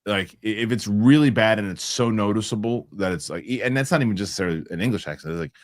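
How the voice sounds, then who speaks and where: With a fairly low pitch and quick pace, the host of a casual film chat show argues emphatically, circling back over the same words to make his point among the panel.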